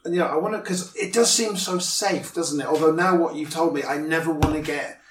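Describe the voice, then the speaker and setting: A man's voice: fairly high pitch, brisk. Wry man, far from the mic. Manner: jokey, wry asides. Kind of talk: casual chat. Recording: distant mic, echoey, noisy.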